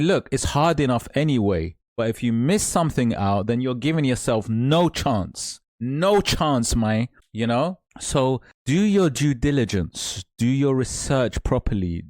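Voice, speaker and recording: A man's voice: medium pitch, darkish tone, no room sound, clean studio sound. Emphatic man coaching online sellers. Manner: emphatic, repeats points, calls listener mate. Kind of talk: direct-to-camera advice talk.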